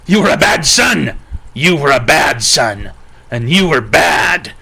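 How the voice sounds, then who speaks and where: A man's voice: on the high side, big pitch swings, moderate pace, heavily acted. Man putting on a bitter ranting father. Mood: shouting. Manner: repetitive accusing rant, shouting. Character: bitter angry father berating his son.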